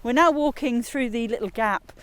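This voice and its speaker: A woman's voice: a little high, normal speed, recorded from a distance, a crowd in the background. A woman hosting a casual chat, telling stories and laughing while driving and walking outdoors. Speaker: host.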